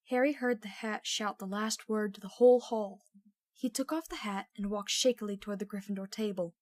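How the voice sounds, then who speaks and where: A woman reading a novel aloud with steady, expressive storytelling. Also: medium pitch, a little fast, dry recording, clean studio sound. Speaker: audiobook reader.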